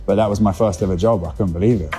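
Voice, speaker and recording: A man's voice: low-pitched, racing, dark tone, faint music behind. A young adult man, an actor, chatting casually as an interview guest, laid-back and rambling with restarts.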